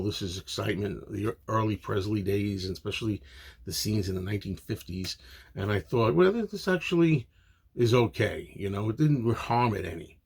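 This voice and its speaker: A man's voice: lowish voice, gravelly, breathy edge. A man giving a casual, opinionated spoken movie review, rambling with frequent fillers.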